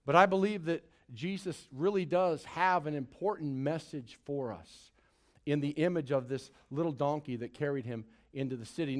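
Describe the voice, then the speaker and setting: Pastor, male, high tenor; dynamic preacher who mixes big dramatic emphasis with hushed lines and joking asides. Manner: expressive preaching, big swings in loudness and pitch, drawn-out dramatic phrases; playful asides to the congregation. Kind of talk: sermon. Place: church service before a congregation.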